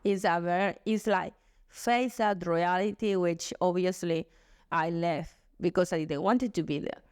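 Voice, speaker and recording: A woman with a Chilean Spanish accent speaks English as a guest on a podcast. She tells personal stories candidly, with an expressive, restarting flow. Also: on the low side, a little slow, smooth. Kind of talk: casual chat.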